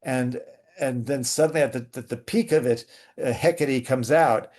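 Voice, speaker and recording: A man being interviewed as a guest, a playwright and actor telling lively theatrical anecdotes in a casual chat. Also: medium pitch, moderate pace.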